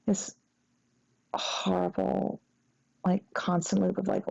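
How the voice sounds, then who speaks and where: A woman in an ASMR role-play voicing a sad, regretful young woman who misses her ex, talking in a hesitant, halting way. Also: medium pitch, monotone, creaky, a little mellow, dull audio, full character voice. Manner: hesitant, halting, full of fillers.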